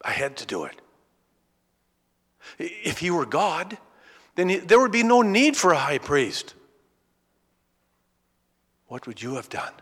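Guy voicing a worked-up high priest, voice jumping around, echoey hall, kinda distant. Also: measured pace, long pauses, husky, heavily acted. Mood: defensive. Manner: agitated, pleading, lively pitch. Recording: reverberant hall, distant from the mic.

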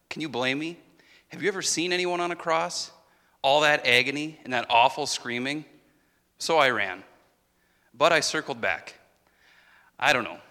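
A man's voice: mid-range voice, pushed and bright. A man delivering a dramatic first-person monologue as a disciple, anguished and confessional. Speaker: actor in a Passion monologue. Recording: reverberant hall.

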